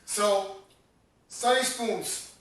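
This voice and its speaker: A man's voice: sits high, fairly even intonation, very slow, fairly bright tone. A man from Massachusetts co-hosting a casual podcast as a DJ, telling rambling stories and swearing freely. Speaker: DJ and podcast co-host. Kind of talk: casual chat. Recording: echoey room, distant mic.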